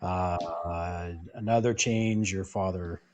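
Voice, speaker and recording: A man's voice: sits low, steady tone, slow, a little mellow, a little hiss or hum. A man hosting a podcast, easygoing, leading the chat from one guest to the next. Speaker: podcast host. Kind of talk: casual interview.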